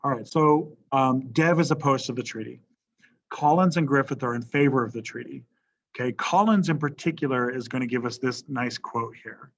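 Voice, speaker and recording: A man's voice: mid-range voice, moderate pace, muffled recording. A man teaching a history lesson to students in a casual classroom manner, often checking in with the class. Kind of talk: classroom lecture.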